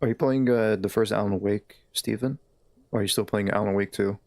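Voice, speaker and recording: A man's voice: on the low side, steady tone, fairly quick, darkish tone, no room sound. A man live-streaming a game, chatting in a laid-back, easygoing way with his viewers. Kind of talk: casual live-stream chat.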